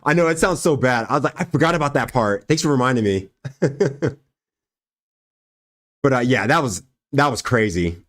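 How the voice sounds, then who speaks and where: At normal speed with frequent pauses, a young man with a mid-range voice tells a story on his livestream, where he's host and a fighter. He acts out what people said, stays animated, and laughs a lot.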